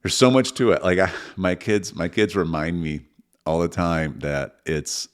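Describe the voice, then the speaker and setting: A man's voice: low-pitched, unhurried. A middle-aged man co-hosting a podcast, telling a funny family story in casual chat, laughing often as he talks. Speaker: podcast co-host.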